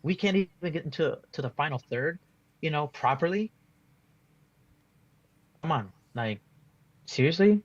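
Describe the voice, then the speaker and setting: A man's voice: fairly high pitch, expressive, measured pace, long pauses, dry recording, lo-fi sound. A man giving a casual post-match fan reaction, rambling and frustrated, full of restarts and "like" fillers. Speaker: football fan being interviewed.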